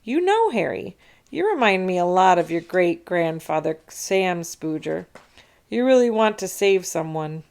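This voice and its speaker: A kindly storybook schoolteacher who chides gently and patiently, her voice swinging up in lively surprise, as a woman reads her. She talks slowly, with a creaky edge. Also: lowish voice. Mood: gentle.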